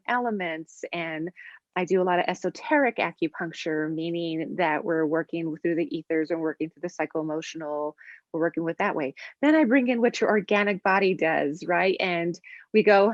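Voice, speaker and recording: A woman, a functional medicine practitioner, explaining her work and telling stories in a lively way, acting out the voices of people she quotes. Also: on the low side, normal speed, no echo. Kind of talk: conversational explanation and storytelling. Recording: dry, dull lo-fi sound.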